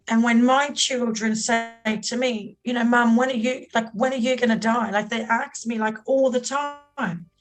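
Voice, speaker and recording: A woman's voice: fairly high pitch, poor audio. A middle-aged Australian woman, a podcast guest speaking earnestly and with heartfelt emphasis. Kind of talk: podcast interview.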